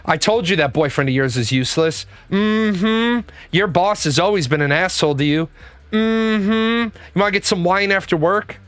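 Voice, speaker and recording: A man's voice: high-pitched, moderate pace, fairly bright tone, clean tone, no echo, faint music behind. A man voicing a supportive female friend who agrees with everything, with soothing, agreeable murmurs. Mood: affirming.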